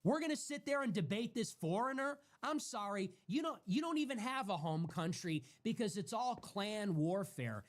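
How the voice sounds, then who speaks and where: A man's voice: sits high, lively intonation, moderate pace, few pauses. A man hosting a livestream, ranting in a heated, profane way and repeating himself for emphasis. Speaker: livestream host. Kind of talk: heated solo livestream rant.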